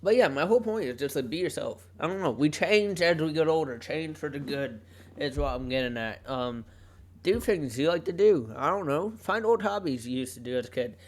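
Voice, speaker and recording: A man's voice: fairly high pitch, animated, brisk, a little mellow. A young man hosting a solo podcast, talking casually in a rambling way, often cutting himself off and laughing. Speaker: podcast host. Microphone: home podcast mic.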